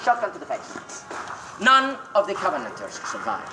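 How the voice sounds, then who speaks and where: A man's voice: sits high, wildly swooping pitch, normal speed. A man leading a ghost tour outdoors, telling dramatic stories in a jokey, teasing way and ordering the group about, recorded from within the crowd. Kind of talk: theatrical storytelling to a tour group. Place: outdoors in a graveyard on a city street. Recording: noisy outdoor recording with passing traffic.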